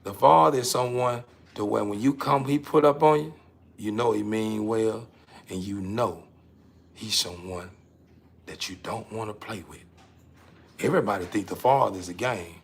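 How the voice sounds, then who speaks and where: A man hosting his own show, delivering a casual, emphatic monologue to the camera that he keeps repeating himself through, swinging between loud and quiet. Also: lowish voice, normal speed, vocal fry, husky.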